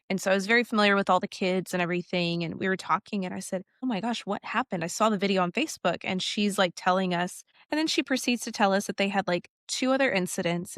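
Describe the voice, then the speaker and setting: A woman's voice: medium pitch, a bit bright, no room sound, studio quality. A woman, a teacher co-hosting a podcast, chatting in a rambling, filler-heavy way. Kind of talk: casual chat.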